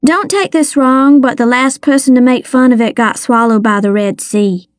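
Sex: woman. Role: audiobook narrator. Style: first-person narration, measured and wry. Pitch: a little high. Sound: dry. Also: no echo.

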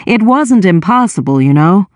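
A woman at a middle pitch narrating a first-person novel, wry and expressive in her telling. The sound is dry and close, with no room echo. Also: normal speed. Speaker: audiobook narrator.

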